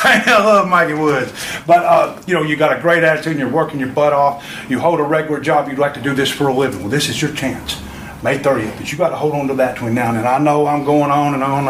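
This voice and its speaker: In a promo video, a veteran wrestler coaches a young wrestler with a fast, rambling, emphatic pep talk full of repetition. His mid-range male voice keeps a fairly even intonation, captured from a distance in a noisy room with echo.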